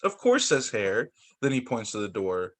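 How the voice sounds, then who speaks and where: A male teacher reading picture books aloud to children over a video call, animated and expressive. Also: lowish voice, moderate pace.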